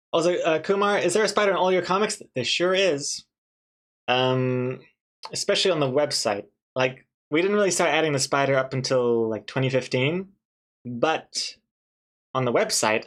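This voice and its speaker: A man's voice: mid-range voice, a bit bright. Chatty man thinking aloud while drawing. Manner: thinks aloud, second-guesses himself, chatty with viewers. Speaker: comic artist streaming his drawing. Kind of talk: casual live-stream commentary while drawing.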